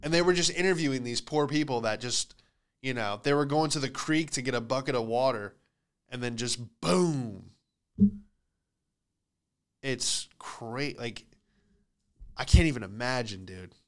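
A man's voice: mid-range voice, a little slow, long pauses. A man in his thirties hosting a comedy podcast, telling casual stories and switching into voices for the people he quotes. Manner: animated storytelling with put-on voices for quoted people.

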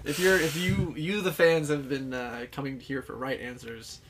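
A man's voice: medium pitch, flat delivery, moderate pace, a bit bright. A man who is a guest on a podcast, talking in a laid-back, hesitant and wry way. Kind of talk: casual chat.

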